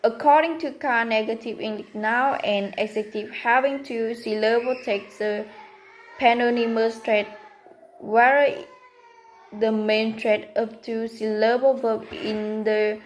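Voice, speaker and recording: A woman whose first language is Vietnamese, reading a prepared class presentation slowly and carefully, pausing between words. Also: fairly high pitch, a little mellow, poor audio. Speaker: student presenter.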